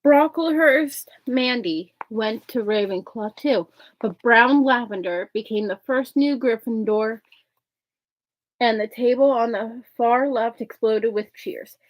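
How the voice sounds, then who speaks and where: A woman's voice: a little high, slow pace, dry recording, rough recording. A woman reading a novel aloud, often stumbling over words and correcting herself. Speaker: reader.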